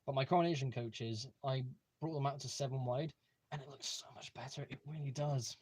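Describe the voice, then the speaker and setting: This livestream host is a young man chatting casually from a room in his home, his mid-range voice husky and darkish. His intonation stays fairly even and his pace is brisk as he rambles eagerly, full of fillers and false starts.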